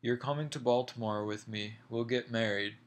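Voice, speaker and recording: A man's voice: medium pitch, steady tone, normal speed, natural voice. A man reading a young lover's lines in an insistent, pleading way. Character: young man, ardent then enraged.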